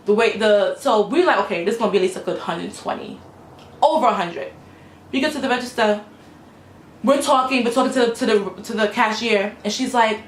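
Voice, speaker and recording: A young woman casually telling a story time to her camera, animated and full of "like" and "you know". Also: mid-range voice, moderate pace, roomy sound, a little hiss or hum. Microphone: camera mic.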